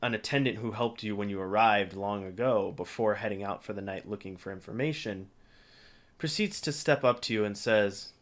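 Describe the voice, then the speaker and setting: A man narrating a tabletop role-playing game as game master, relaxed and full of pauses. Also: lowish voice. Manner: relaxed, with frequent filler pauses.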